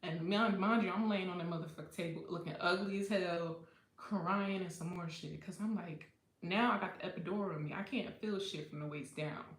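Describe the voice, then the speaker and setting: A woman's voice: on the low side, fairly quick, echoey room. A woman hosting a livestream, telling a personal story in a candid, profane way and laughing often. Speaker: livestream host. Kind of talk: casual storytime chat.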